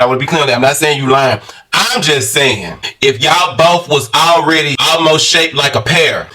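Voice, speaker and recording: A man's voice: a little high, bright, forceful tone, far from the mic. A man hosting a casual reaction commentary, joking and gossiping with slang. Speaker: commentary channel host.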